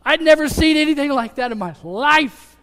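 A man preaching, telling an earnest personal testimony that swings between loud calls and hushed moments. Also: very high-pitched, expressive, moderate pace. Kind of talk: sermon testimony. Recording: long hall reverb.

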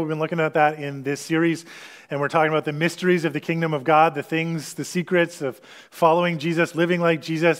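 A pastor preaching a sermon, explaining scripture in an earnest, teaching way with pauses and restarts. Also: male voice, fairly high pitch.

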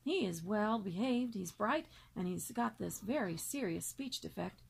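A woman's voice: medium pitch, animated, a little slow, creaky, slightly rough, full character voice. A woman doing an earnest, pleading young boy. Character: earnest young boy defending his bird. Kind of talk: storybook read-aloud.

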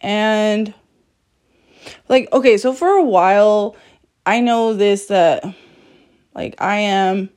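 Speaking slowly with long pauses, a woman with a medium-pitched, darkish voice delivers a candid solo podcast monologue on her own show. She curses freely, pokes fun at herself and laughs a lot.

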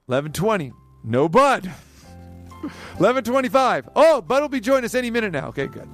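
Animated male sports radio host. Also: high voice, moderate pace, no room sound, faint music behind. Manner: animated storyteller, voice climbs sharply when riled up. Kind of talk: sports talk radio monologue.

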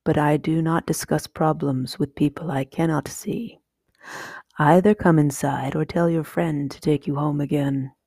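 A woman voicing a large, stern male owl in a slow, formal, measured whispered role-play, husky and close. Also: low voice, steady tone, warm tone, no room sound.

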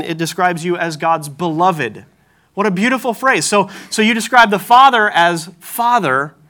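A male pastor delivers a sermon in a notably high voice. His tone is bright and forceful, and he tells stories with lively, self-mocking humor. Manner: animated storytelling with self-deprecating humor.

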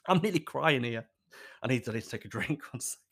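A man's voice: medium pitch, lively intonation, moderate pace, vocal fry, fairly bright tone, breathy edge. A man telling a comic personal story, swearing often, laughing and acting out the quotes. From United Kingdom.

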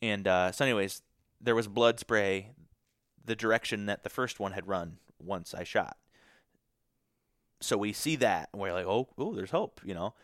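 A man from Michigan tells a story as a podcast guest, talking fast and loose with lots of "like"s and with real feeling in his voice. His voice sits a little low, and the sound is close and dry, with no room around it. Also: fairly bright tone, dry recording. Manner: emotional, many "like" fillers. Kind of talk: casual storytelling.

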